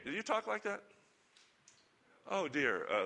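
A man teaching a Bible lesson to a church group in a relaxed, conversational sermon style with chatty asides. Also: on the high side, a little slow, gravelly, long pauses. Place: church or lecture hall with slides.

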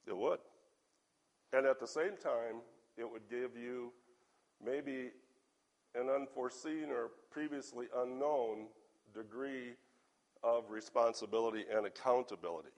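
A hoarse man delivers a sermon at an unhurried, measured pace. He reads scripture aloud and pauses to put earnest questions to his listeners. His pitch sits in an ordinary middle range for a man. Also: darkish tone. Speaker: preacher.

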